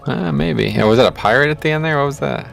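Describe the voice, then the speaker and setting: A man's voice: mid-range voice, fast talker, creaky, soft background music. A man streaming a game, chatting casually, reading quest text aloud in a plain voice and swearing now and then. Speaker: streamer playing an online game. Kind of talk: casual gameplay chat.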